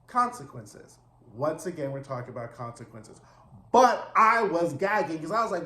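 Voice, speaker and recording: Campy, animated man recapping TV. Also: fairly high pitch, moderate pace, reverberant. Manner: animated, campy and profane storytelling. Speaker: TV recap reviewer. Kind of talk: casual recap monologue.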